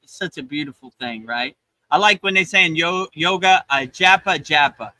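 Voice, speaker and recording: A man's voice: a little high, pushed and bright, no echo, poor audio. A man hosting a casual spiritual livestream chat, earnest and emotional, often repeating words as he starts a sentence. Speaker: yoga teacher and livestream host. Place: beach in Thailand.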